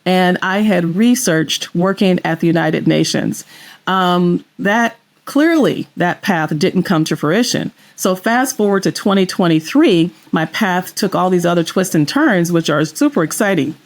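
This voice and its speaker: A woman's voice: on the low side, animated, a little slow. A woman guest on a podcast interview, talking enthusiastically and telling her stories expressively. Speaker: guest investor.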